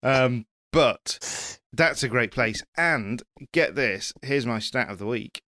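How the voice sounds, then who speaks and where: A man's voice: medium pitch, animated, slow, sharp tone, no room sound. A man co-hosting a casual rally chat, rambling and joking, often correcting himself mid-sentence. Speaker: podcast co-host.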